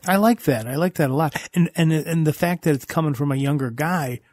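A man's voice: on the high side, a little fast, darkish tone, no echo. A man hosting a casual podcast chat, enthusiastic and repetitive, often restarting his sentences. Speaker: host.

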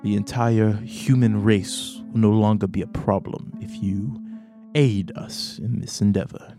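A man's voice: on the low side, fairly even intonation, a little slow, music in the background. A man voicing a cold, scheming male elf who speaks formally in a tabletop game. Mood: coldly calm. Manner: smooth, formal, menacing.

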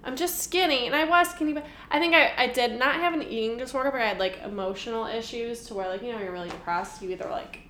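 A woman's voice: a little high, quick pace, few pauses, pushed and bright. A young woman chatting candidly as a podcast co-host, conversational and supportive, with lots of "like". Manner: conversational, supportive, many "like" fillers. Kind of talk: candid casual chat. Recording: echoey room.

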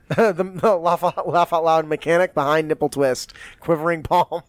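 A man's voice: fairly high pitch, steady tone, a little slow, no echo. A man hosting a podcast in laid-back, joking casual chat. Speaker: podcast host.

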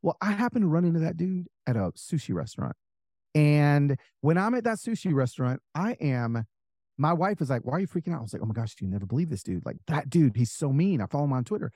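A man telling stories in a casual interview as an author guest, animated and full of fillers, acting out the people he quotes. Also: fairly high pitch, quick pace, dry recording, clean studio sound. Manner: animated, acts out quoted voices, many fillers.

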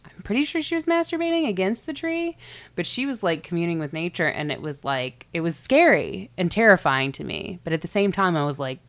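A woman with a notably low voice co-hosts a casual podcast. She talks in a chatty, hedging way, circling back on herself as she explains what she has looked up, and laughs easily. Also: big pitch swings, fairly quick, fairly bright tone. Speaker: podcast co-host.

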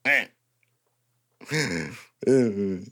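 A man hosting a podcast in a casual, joking, rambling way, getting excited as he riffs. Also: lowish voice, extremely slow. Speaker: podcast host and guitarist.

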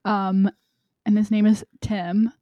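A woman's voice: medium pitch, little pitch movement, slow pace, no echo, dull audio. A young woman in her twenties, a podcast guest, chatting casually in a giggly, gushing way. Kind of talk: casual chat.

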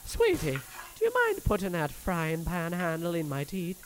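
A woman's voice: fairly low pitch, huge pitch swings, moderate pace, slight background noise. A woman playing a doting, fussy mother in a comedy sketch. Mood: fond. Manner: fussy, sing-song, motherly. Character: doting mother, limbless and fussing.

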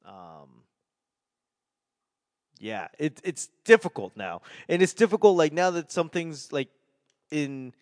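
A man's voice: mid-range voice, no echo, clean studio sound. A man in his forties from Boston with a faint Boston accent, rambling through a solo podcast monologue in a self-deprecating, sarcastic way. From Boston, New England. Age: 40s. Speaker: comedian and podcast host.

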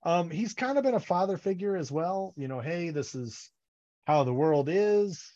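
A man's voice: a little high, lively intonation, moderate pace, dark tone, highs cut off. A man co-hosting a podcast, chatting casually about a book series and acting out characters' lines in funny voices. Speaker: podcast co-host.

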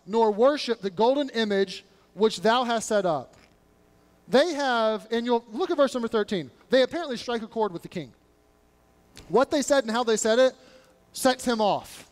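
A man with a strikingly high voice preaches a sermon, slipping into casual modern speech to dramatize the scripture. His voice rings out with a long reverb, as if captured in a large church sanctuary. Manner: animated preaching, acting out biblical characters in casual modern speech. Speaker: pastor.

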